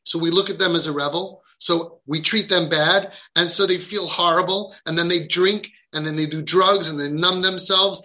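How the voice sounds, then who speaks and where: High, sharp-voiced emphatic man. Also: steady tone, normal speed, hardly any pauses. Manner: emphatic, repeats words for stress. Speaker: parenting coach. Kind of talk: impassioned podcast talk.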